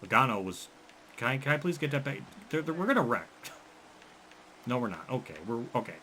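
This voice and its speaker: A man giving frustrated, swearing commentary over a racing game, breaking into angry yells and running out of breath. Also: medium pitch, very animated, a little fast, pauses often. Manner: frustrated, swearing, yelling in bursts.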